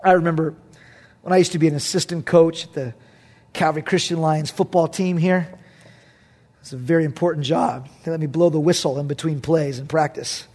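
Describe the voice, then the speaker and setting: A male pastor with a high voice preaches a sermon. He is animated, swinging between loud bursts and hushed, near-whispered passages. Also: fairly quick.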